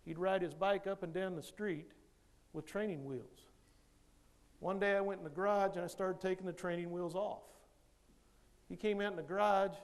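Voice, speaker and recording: A man giving a motivational speech, telling a story with lively delivery and acting out the other people's lines. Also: high voice, moderate pace, pauses often. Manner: animated storyteller who acts out others' lines. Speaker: motivational speaker.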